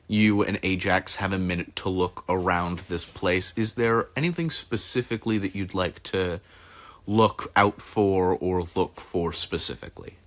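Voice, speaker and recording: A man's voice: sits low, fairly bright tone. A man acting as game master, narrating a tabletop game with frequent fillers.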